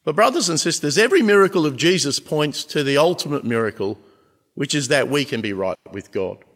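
Pastor preaching in a reverberant hall. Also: male voice, fairly high pitch, lively intonation, a bit bright. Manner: earnest, with emphatic pauses and swells in volume. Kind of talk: sermon. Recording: long reverb of a large hall.

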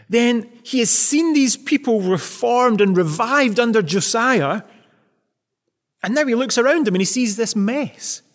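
A man delivering a Sunday sermon, his voice sitting high for a man and carrying a long reverberant tail. He preaches earnestly, pressing question after question to the congregation. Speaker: pastor.

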